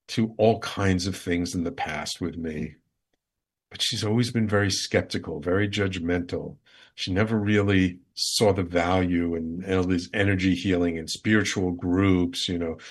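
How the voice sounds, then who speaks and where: Male host, heartfelt storyteller, earnest, slightly low voice. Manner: earnest, heartfelt, repetitive emphasis. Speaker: show host. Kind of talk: personal storytelling.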